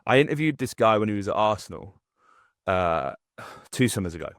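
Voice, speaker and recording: A young man rambles through a story with lots of restarts and fillers. His voice sits fairly low. The recording is dry and close, with no room sound. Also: big pitch swings, normal speed, fairly bright tone, no room sound. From English Midlands. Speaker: podcast co-host. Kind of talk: casual chat.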